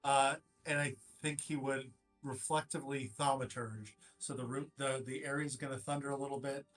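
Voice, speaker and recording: A man chatting casually as a player at a tabletop game, halting with many fillers. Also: mid-range voice, fairly even intonation, fairly bright tone, faint music behind.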